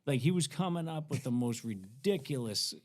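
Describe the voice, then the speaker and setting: A middle-aged man telling funny stories on a podcast, animated and laughing as he acts out the people in them. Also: medium pitch, moderate pace. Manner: animated, laughing storyteller doing voices of others. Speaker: guest. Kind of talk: casual storytelling. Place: podcast studio.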